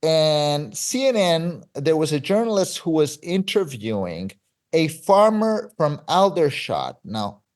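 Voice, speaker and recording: A man, telling a story as an interview guest with excited, stop-start energy. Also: a little high, slow pace. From Cyprus. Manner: animated, excitable, with frequent restarts and laughs.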